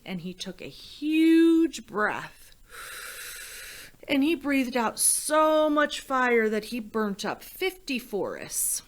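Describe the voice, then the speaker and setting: A woman reading a children's story aloud at a church, gentle and expressive, speaking to children. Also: mid-range voice, slow pace.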